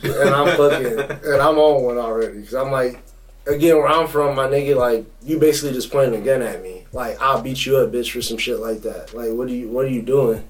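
A young man co-hosting a podcast, telling a story in a casual, profane, animated way. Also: mid-range voice, brisk, recorded from a distance, poor audio. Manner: animated, profane, acts out quotes. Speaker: podcast co-host.

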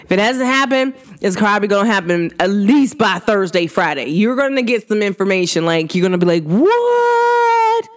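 Talking straight to her audience in a relaxed, animated way, a spiritual energy reader offers a casual reading. Drawn-out "mm" hums link her thoughts, and her voice leaps up high whenever she laughs.

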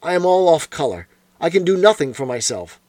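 Man doing a dazed opium addict, plaintive, rambling, lively pitch, dry sound. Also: brisk, no echo. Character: dazed opium-addled young gentleman. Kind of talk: audiobook character voice.

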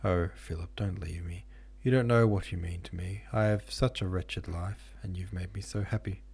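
An emotional young woman on the verge of tears, pleading with her lover, as a man reads her lines. The voice stays low and husky, with a dark, mellow tone. It is a storybook reading, not a full performance. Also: brisk. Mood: distraught. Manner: pleading, tearful.

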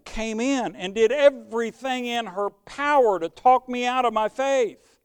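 An older man preaching a sermon testimony, telling his story with emphasis and swinging between loud declarations and hushed moments. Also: extremely high pitch, a little slow, clear, resonant tone, dry recording, clean studio sound.

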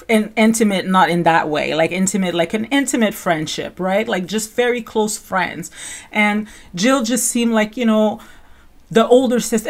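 Woman host, mid-pitched, loose conversational commentary with frequent "you know" asides. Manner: rambling, conversational, lots of fillers and self-corrections. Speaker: podcast host. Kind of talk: casual commentary on reality TV.

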